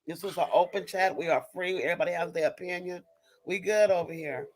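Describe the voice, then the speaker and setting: This livestream host, an adult woman with young children, reads out viewer chat and launches into a heated rant. She talks a little fast in a lowish, darkish voice, hammering points repeatedly and cutting herself off mid-sentence, all on a rough recording.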